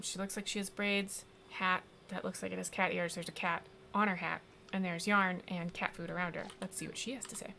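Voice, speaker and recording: A woman streaming a video game, rambling casually and pausing on frequent ums. Her voice is gravelly and on the low side, with a faint hiss in the background. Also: pushed and bright. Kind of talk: casual gameplay commentary.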